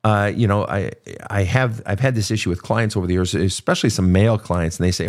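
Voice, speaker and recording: Older male therapist-host, low voice, very lively pitch, profane and conversational. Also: fast talker. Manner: animated, profane, storytelling with acted quotes. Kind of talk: casual advice talk.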